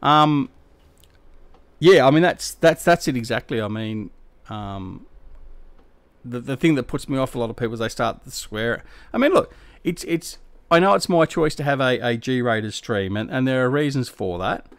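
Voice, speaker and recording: A man's voice: mid-range voice, expressive, normal speed, no echo. Middle-aged aussie bloke rambling to his stream chat, slangy and laid-back, dry sound. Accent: Australian. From Australia. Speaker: game live-streamer. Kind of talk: casual live-stream chat, replying to viewers.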